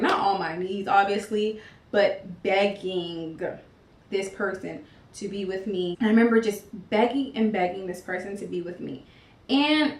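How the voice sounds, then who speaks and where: Young woman vlogger, chatty and heartfelt, lots of likes and ums, kinda far from the mic, roomy echo. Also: mid-range voice. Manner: casual, frequent "like" and "um" fillers, earnest. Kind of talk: candid confessional chat.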